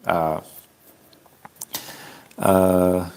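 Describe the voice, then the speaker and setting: Man, from Canada, low voice, easygoing, rambling livestream chat, artist selling prints. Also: little pitch movement, extremely slow, darkish tone, smooth. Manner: rambling, easygoing, chuckles at himself.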